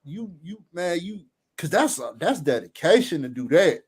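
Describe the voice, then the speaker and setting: A man with a somewhat high-pitched voice co-hosts a podcast. He talks in an animated, encouraging way, leaning on casual slang fillers as he cheers on a guest. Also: moderate pace, husky.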